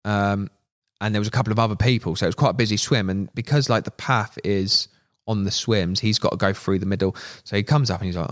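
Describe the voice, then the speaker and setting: A man, a podcast guest, telling animated anecdotes in casual chat, swearing freely and acting out quoted voices. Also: fairly low pitch, fast talker, dry recording, clean studio sound. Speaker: podcast guest, media manager.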